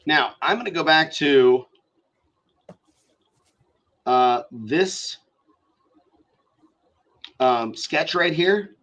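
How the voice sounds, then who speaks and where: A man hosting a casual live-stream tutorial, talking through design software as he works, swearing freely and thinking out loud. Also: a little high, expressive, extremely slow, pauses often, highs cut off. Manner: profane, thinks aloud while working. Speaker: show host teaching design software.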